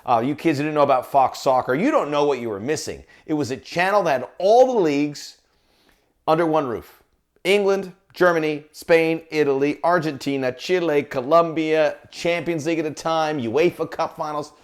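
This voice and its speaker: A man's voice: on the high side, moderate pace. A middle-aged man, a soccer broadcaster, talking in a jokey, chatty video monologue. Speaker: soccer broadcaster and podcast host.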